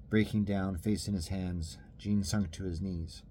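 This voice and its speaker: A man reads a story aloud in a steady, measured way. His voice is deep, dark and mellow, with a faint hiss in the background. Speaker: narrator. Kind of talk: audiobook story narration.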